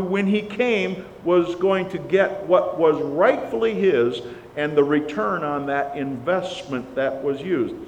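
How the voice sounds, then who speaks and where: A man with a somewhat high voice preaches with earnest emphasis, leaning hard into the words he stresses. His voice rings out in a church sanctuary with a long reverb tail. A faint hiss sits under the recording. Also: slow. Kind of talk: sermon.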